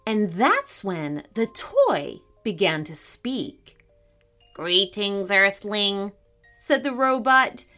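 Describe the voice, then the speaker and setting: A woman narrates a children's story with a higher-than-usual, very lively voice. She reads slowly and deliberately, and faint music sits underneath her. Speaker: podcast host and storyteller.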